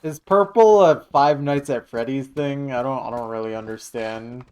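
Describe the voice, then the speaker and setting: A man's voice: medium pitch, normal speed, darkish tone, clean tone. A man streaming live, chatting casually and jokily while reacting to his chat. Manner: rambling, jokey, reacting to chat.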